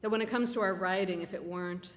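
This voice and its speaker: A woman from Minnesota, an author telling family stories in a wry, unhurried way at a public talk. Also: medium pitch, steady tone. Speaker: author guest. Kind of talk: conversational storytelling. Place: public library event room. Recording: reverberant hall.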